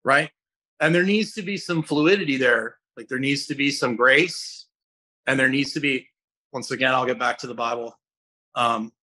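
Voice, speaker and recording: Guest-hosting a relaxed podcast, this middle-aged fitness coach speaks at medium pitch and normal speed. He's an animated storyteller, bright and forceful yet clear, who rambles, restarts his sentences and repeatedly slips into other people's voices.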